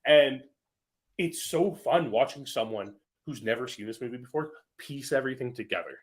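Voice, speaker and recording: A man's voice: medium pitch, animated, normal speed. A young adult man co-hosting a movie podcast, talking with enthusiasm and quoting others. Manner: enthusiastic, quotes others in voices. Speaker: podcast co-host. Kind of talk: casual movie chat.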